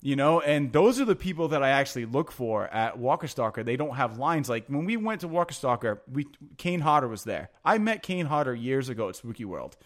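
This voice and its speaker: A man's voice: mid-range voice, big pitch swings, brisk, hardly any pauses. A man telling long, rambling anecdotes in casual chat, full of fillers like "like" and "you know" and frequent swearing.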